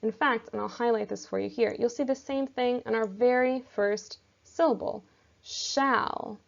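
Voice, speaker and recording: Patient woman teacher with a gravelly edge. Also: a little high, moderate pace, darkish tone. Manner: patient, step-by-step explaining. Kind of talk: recorded classroom lesson. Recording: dull lo-fi recording.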